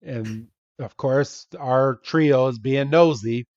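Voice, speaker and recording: A man's voice: medium pitch, measured pace, no echo. A man co-hosting a podcast, recapping a cartoon episode in a chatty way and laughing often. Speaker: podcast co-host. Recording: dry, dull lo-fi podcast audio.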